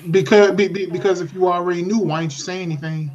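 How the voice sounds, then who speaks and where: A man with a notably high voice talks earnestly on a casual podcast, musing aloud and restarting his sentences as he works through an idea. The audio is dull and lo-fi. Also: fairly even intonation, quick pace, darkish tone. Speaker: podcast co-host.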